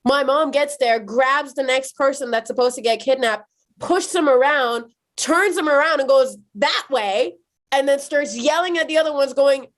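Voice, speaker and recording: Lively woman from iran, podcast guest, chatty storytelling, lots of "like", bit high pitched. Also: normal speed. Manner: animated, frequent "like" fillers, acts out quoted people. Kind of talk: personal storytelling in conversation.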